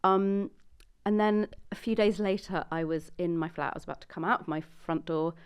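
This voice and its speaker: A woman's voice: fairly low pitch, normal speed, smooth. A woman, a podcast guest casually telling an anecdote and acting out what people said. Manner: lively storyteller, acts out quotes.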